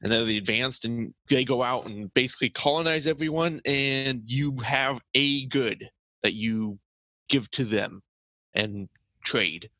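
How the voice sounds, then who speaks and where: Bright, hesitant man, dry close sound. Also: medium pitch, unhurried, no room sound, rough recording. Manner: hesitant, many ums and uhs. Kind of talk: casual chat.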